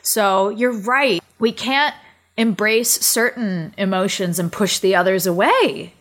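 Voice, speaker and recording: A woman's voice: mid-range voice, slow pace. A woman chatting casually on a podcast, emphatic and swearing freely as she acts out what people said.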